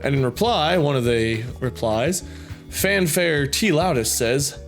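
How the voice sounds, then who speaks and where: A man reads viewer comments aloud in casual chat, his mid-range voice expressive and unhurried, with a slightly sore throat. He's goofy and prone to loud, silly outbursts. Soft music plays in the background.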